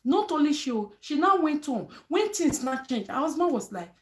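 A woman's voice: high voice, sing-song, normal speed, hardly any pauses, slight background noise. A woman with a Nigerian accent giving advice straight to her viewers, emphatic and preachy, mixing Pidgin with English. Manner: emphatic, preachy, asks "eh?" for agreement. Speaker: vlogger. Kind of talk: advice monologue.

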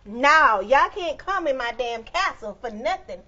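Furious neighbor woman, played by an actress, cursing, threatening, high bright voice, dull lo-fi sound. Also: lively intonation, measured pace, full character voice. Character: foul-mouthed angry woman threatening visitors from her porch. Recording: dull lo-fi film audio.

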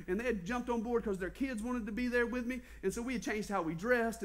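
A male pastor with a Southern US accent, preaching a sermon, telling stories with animation and constantly asking the congregation questions. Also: high-pitched. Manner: animated storytelling, quizzing the congregation.

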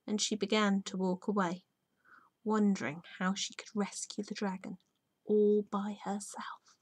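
A woman teacher reading a children's book aloud, soft and often hushed, at home. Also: medium pitch, level tone, unhurried, slightly rough, no room sound.

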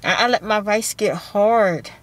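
A woman's voice: mid-range voice, a little slow, slight background noise, low-quality recording. A woman chatting casually to her vlog audience from inside a car, rambling and laughing often. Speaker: vlogger.

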